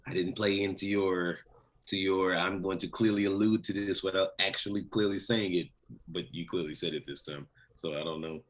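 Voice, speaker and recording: A man's voice: deep voice, fairly even intonation, normal speed. A man co-hosting a podcast in casual chat, rambling with restarts and swearing. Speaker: podcast co-host.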